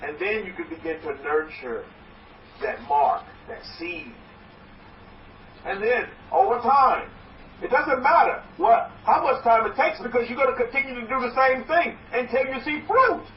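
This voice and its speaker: A high-pitched man preaches from some distance away, his voice bouncing around an echoey room. The sound is muffled and dull, with faint noise underneath. He exhorts his listeners in a rambling way, restarting sentences as he goes. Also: normal speed. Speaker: rabbi. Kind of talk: sermon.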